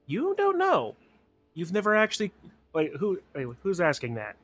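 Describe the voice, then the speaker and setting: A man narrating a tabletop game as game master, describing scenes in a slow, measured way. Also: high-pitched, huge pitch swings, fairly bright tone, no room sound.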